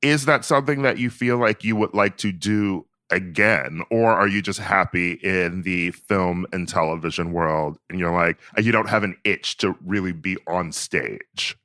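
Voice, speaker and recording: A man co-hosting a podcast, chatty and quick to laugh while asking a guest questions. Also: low-pitched, pushed and bright, no room sound, clean studio sound. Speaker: podcast co-host. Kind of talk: casual interview chat.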